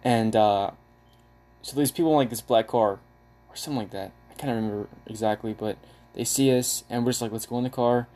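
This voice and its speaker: A young man casually telling a funny story to friends, animated and laughing, acting out quoted lines. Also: mid-range voice, brisk.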